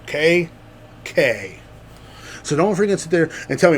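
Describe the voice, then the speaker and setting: A man's voice: on the high side, sing-song, fairly quick, husky. A man from Central Texas, hosting a podcast in a casual, rambling and heavily profane rant with a sarcastic edge. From Central Texas, USA. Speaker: podcast host. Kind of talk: casual ranting monologue.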